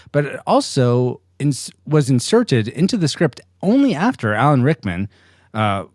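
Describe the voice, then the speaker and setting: Podcast host, male, mid-pitched, very expressive delivery, dry mic. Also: no room sound. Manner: animated, laughing, quizzes his co-hosts. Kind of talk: casual podcast chat.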